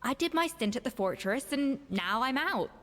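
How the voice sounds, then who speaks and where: Calm head chef, game voice, measured, somewhat high, long reverb. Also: female voice. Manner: calm, measured, gently reproving. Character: composed female head chef. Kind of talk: video game voice acting. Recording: game audio with long reverb and faint music.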